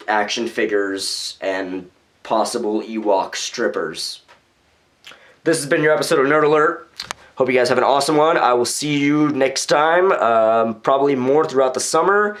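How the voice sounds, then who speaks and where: A young man from the United States rambling casually in his own video blog, with loose phrasing and lots of fillers. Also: mid-range voice. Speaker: vlogger. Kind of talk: casual vlog commentary.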